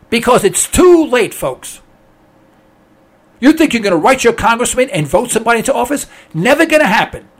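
A man with a very high, gravelly voice rants bluntly and sarcastically. His pitch swings widely as he repeats his points with emphasis. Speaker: political commentator. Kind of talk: ranting monologue.

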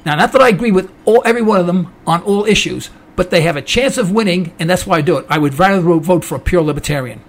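Male American talk-radio host, opinionated monologue, high raspy gravelly voice. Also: quick pace, hardly any pauses. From United States. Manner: indignant, ranting, mocking quoted voices.

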